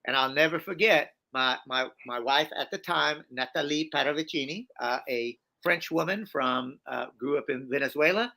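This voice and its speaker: Forceful, bright-voiced man telling stories. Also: fairly high pitch, normal speed, creaky, few pauses. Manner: animated and emphatic, with many restarts and repeated phrases. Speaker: interview guest. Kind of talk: storytelling in a conversational interview.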